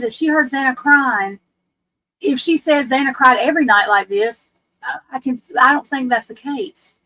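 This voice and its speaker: A woman's voice: sits high, fairly bright tone, rough recording. Profane woman ranting on stream. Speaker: livestream host. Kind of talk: casual livestream commentary.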